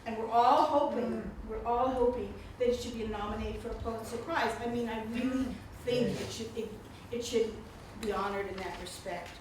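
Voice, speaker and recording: On the high side and at normal speed with few pauses, an older woman warmly chats and laughs her way through introducing an author at a book event. The recording comes from an indoor reception room, echoey and noisy, with the mic set far off.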